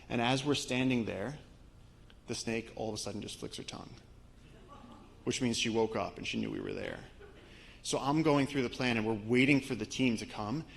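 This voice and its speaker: A man from Brooklyn, an expedition guide, telling a lively story to a live audience with slides. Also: mid-range voice, a little fast, vocal fry. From Brooklyn, New York. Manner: animated storyteller, voice rising as the story builds. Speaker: expedition guide giving a talk.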